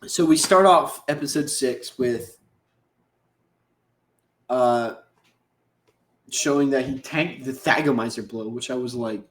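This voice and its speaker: A podcast host gives a loose, slangy recap of an episode, jumping into the characters' lines as he goes. His voice sits at a middle pitch. The room around him is echoey. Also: takes it slowly, long pauses, a bit bright.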